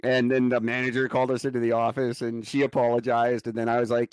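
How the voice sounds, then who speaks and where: A man's voice: medium pitch, flat delivery, quick pace, hardly any pauses, clean tone, dry recording. Profane joking man, dry close mic. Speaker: podcast co-host. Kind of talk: casual chat.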